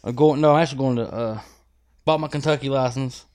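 A man, a podcast guest telling a hunting story in a lively, profane way and acting out the scenes. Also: mid-range voice, fast. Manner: animated, profane, acts out scenes. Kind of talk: casual storytelling chat.

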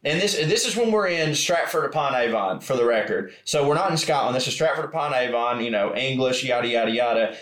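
A man's voice: mid-range voice, lively intonation, brisk, hardly any pauses, a bit bright, roomy sound. An American man co-hosting a podcast, telling a rambling, profane story and acting out the people he met. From United States. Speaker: podcast co-host. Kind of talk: casual storytelling chat. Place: small room in an old pub.

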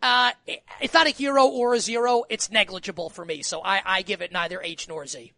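A man's voice: sits high, brisk, vocal fry, bright, forceful tone, no room sound. A man co-hosting a casual podcast, ranting animatedly and filling his talk with "like" and "who cares". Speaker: podcast co-host. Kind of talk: casual wrestling podcast chat.

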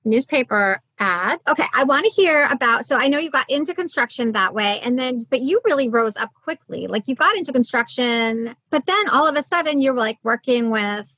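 A woman hosts the interview with eager enthusiasm and often restarts her questions mid-sentence. Her voice is fairly high for a woman. The sound is dry and close, with no echo. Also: expressive, fairly quick, few pauses, sharp tone. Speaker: podcast host. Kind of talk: casual interview chat.

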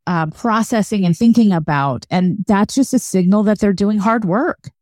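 Woman academic, podcast guest, explanatory, mid pitch, dry mic. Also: moderate pace, darkish tone, no echo. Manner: explanatory, academic, demonstrates voice qualities. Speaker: linguist and author, guest. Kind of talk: podcast interview.

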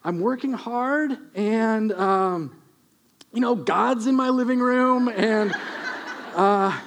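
A man's voice: high voice, slow, a little hiss or hum, voice pushed up. A man voicing a sheepish homeowner who fumbles through his words with many hesitant fillers. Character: sheepish, awkward ordinary male homeowner.

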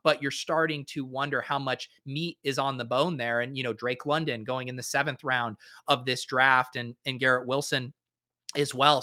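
A man's voice: mid-range voice, bright, forceful tone. A man who is a guest on a podcast, talking things through in a thoughtful, hedging way with frequent fillers. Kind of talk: casual analytical chat.

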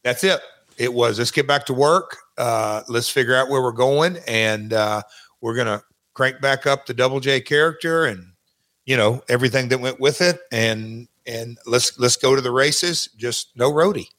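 A man's voice: mid-range voice, normal speed, fairly bright tone. A man speaking as an interview guest, talking casually and rambling with many restarts. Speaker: guest recalling his wrestling career.

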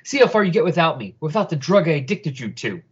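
A man's voice: on the high side, big pitch swings, fast, husky, muffled recording, voice pushed up, heavily acted. A man voicing an angry male villain leader who snaps out threats. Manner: snapping and threatening.

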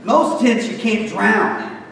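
A man with a high voice preaching in a sermon, chatty and wry, then hammering his points home in punchy lists. He is picked up from a distance, and his voice rings around a large, echoing hall with a long reverb tail and a faint hiss beneath. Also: takes it slowly, creaky, fairly bright tone. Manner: conversational and joking, with sudden emphatic lists. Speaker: pastor. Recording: echoey hall, mic far off.

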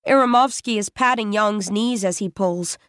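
A woman reading a first-person story aloud in a measured, steady way. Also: medium pitch, clean tone, no room sound, studio quality. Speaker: audiobook narrator.

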